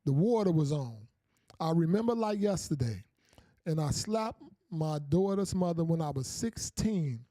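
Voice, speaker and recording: A man's voice: fairly high pitch, expressive, a little slow, mellow, no echo, studio quality. A man hosting a casual call-in podcast, talking loosely and repeating himself as he speaks straight to his viewers. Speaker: podcast host.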